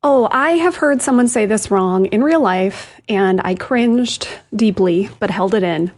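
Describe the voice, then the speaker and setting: A woman's voice: mid-range voice, unhurried, a little mellow. A woman co-hosting a tech show, chatting animatedly and giggling often. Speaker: co-host. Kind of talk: casual chat.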